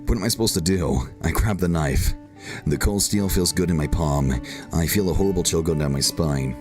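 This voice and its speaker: A man's voice: low-pitched, normal speed, music in the background, lightly acted. A man reading aloud as a shy, anguished teenage girl narrating a visual novel, voicing her with emotional outbursts. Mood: brooding. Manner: reads emotionally, rising to pleading outbursts.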